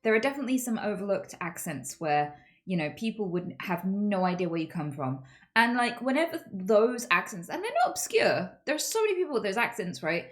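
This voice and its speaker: A woman streaming, chatting casually with viewers in an animated, chatty way and swearing freely. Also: mid-range voice, fairly quick. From United Kingdom.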